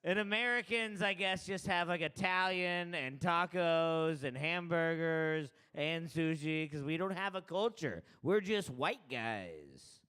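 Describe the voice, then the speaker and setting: A man's voice: on the high side, expressive, slow pace, few pauses, sharp tone, clear, resonant tone. A man hosting a comedy open mic, joking loosely and chatting with the crowd between acts.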